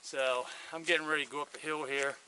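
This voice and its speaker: Man, hiking vlog, outdoors, handheld camera, very bright voice, rambling chatty storytelling. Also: on the high side, fairly even intonation, fast talker, slight background noise. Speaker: hiker vlogging his thru-hike. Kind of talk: casual trail vlog storytelling. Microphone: handheld video camera.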